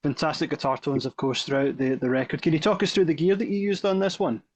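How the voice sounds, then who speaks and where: A male interviewer asking questions in a casual, halting way, often stumbling and repeating words. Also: on the high side, steady tone. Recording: slightly dull lo-fi audio.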